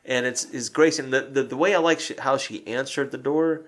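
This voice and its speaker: A man co-hosting a casual podcast about a film, animated and laughing, with lots of fillers and swearing. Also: medium pitch, brisk. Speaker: podcast co-host.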